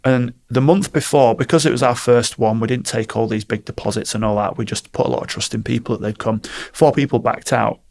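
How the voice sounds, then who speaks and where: Male coach, gravelly voice, mid-pitched, animated storyteller for a casual interview. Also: brisk, few pauses. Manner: animated storytelling, acts out quotes. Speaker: guest, performance coach.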